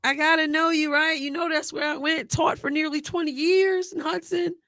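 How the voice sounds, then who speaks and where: Bright-voiced woman hosting a chatty live stream. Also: high-pitched, normal speed, dry recording. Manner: chatty and excitable, thinking aloud and talking to chat viewers. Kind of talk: casual live commentary reacting to a sports draft.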